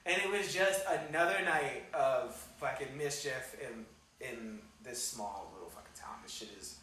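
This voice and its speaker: High, bright young man telling stories. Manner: slangy, swearing, animated storyteller. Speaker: podcast co-host. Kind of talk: casual storytelling chat. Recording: echoey room, mic far off, faint noise.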